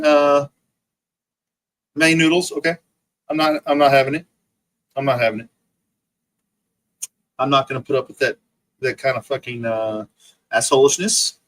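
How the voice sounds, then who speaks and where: A man hosts a livestream and delivers a long, profane rant, repeating the same jabs and stopping to answer viewers in chat. His voice is bright and forward, sitting a little high for a man. His delivery is mocking and combative throughout. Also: poor audio. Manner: profane, mocking, repetitive ranting; reads and answers chat comments. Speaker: livestream host. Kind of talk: ranting livestream monologue.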